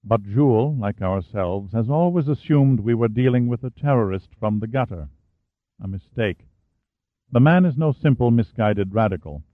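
A man reading as a calm, grave prime minister. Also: mid-range voice, dry recording, natural voice. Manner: calm, measured. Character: grave elderly male French-Canadian prime minister. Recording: phone-like narrow band, dry.

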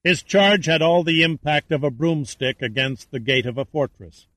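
A man reading a thriller novel aloud in measured, dramatic narration. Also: fairly high pitch, a bit bright. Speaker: audiobook narrator. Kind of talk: scripted narration.

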